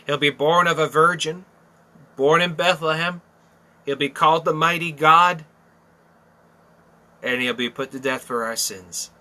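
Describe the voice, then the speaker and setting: A man's voice: fairly high pitch, a little slow, pauses often, bright, forceful tone. A man teaching through a Bible passage, emphatic, repeating key phrases and asking rhetorical questions.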